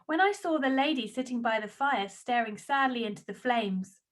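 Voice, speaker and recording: A woman's voice: a little high, expressive, moderate pace. A woman reading a storybook aloud, narrating expressively in the first person.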